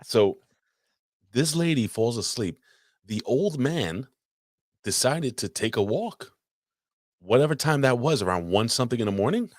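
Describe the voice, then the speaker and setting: A man's voice: medium pitch, very animated, unhurried, pauses often, darkish tone, no echo, studio quality. A man co-hosting a podcast, telling a long story in crude, rambling casual chat with frequent restarts. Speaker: podcast co-host. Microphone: podcast microphone.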